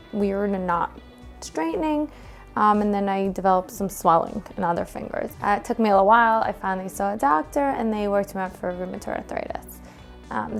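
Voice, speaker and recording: Emotional New York woman with a gravelly voice. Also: mid-range voice. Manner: emotional, halting, many fillers and restarts. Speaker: gym member interviewed by her coach. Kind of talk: candid personal conversation.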